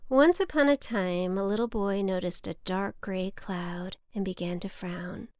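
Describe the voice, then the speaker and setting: Slow, soothing woman storyteller. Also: mid-range voice, darkish tone, no echo, studio quality. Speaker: podcast host and storyteller. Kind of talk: gentle scripted story narration.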